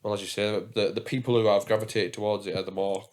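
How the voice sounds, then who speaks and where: A man's voice: on the low side, level tone, quick pace. A young man from England hosting a podcast, chatting casually and telling rambling stories full of fillers and swearing. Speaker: podcast host.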